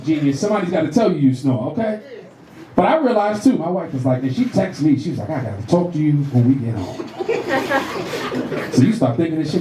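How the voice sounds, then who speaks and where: A middle-aged man doing stand-up comedy, telling animated profane stories and working the crowd on a club stage. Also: fairly high pitch. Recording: roomy club with audience laughter.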